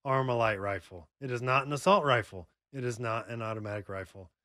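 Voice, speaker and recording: A man's voice: mid-range voice, brisk, fairly bright tone, no room sound, studio quality. A man co-hosting a talk radio show, speaking bluntly and matter-of-factly as a firearms instructor.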